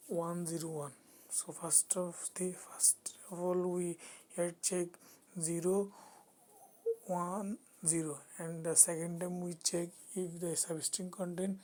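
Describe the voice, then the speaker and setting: Walking viewers through code in a screen recording, this woman tutor sounds low and monotone. Her speech is halting and tentative, with frequent restarts.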